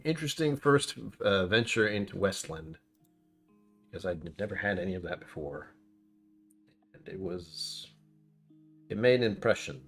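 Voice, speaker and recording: A man's voice: on the low side, a bit bright, breathy edge. A man casually chatting on a live stream while reviewing a whiskey, rambling and reacting to his chat.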